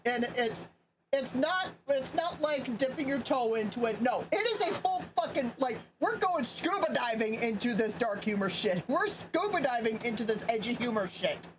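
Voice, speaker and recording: A woman's voice: a little high, sing-song, moderate pace. A woman co-hosting a livestream, bantering with giggles and casual swearing. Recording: clear room noise behind.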